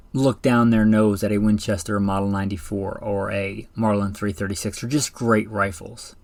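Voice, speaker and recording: A man with a mid-range voice hosts a firearms podcast, talking solo about rifles in a casual, enthusiastic way. He rambles a little and corrects himself, and the recording is dry.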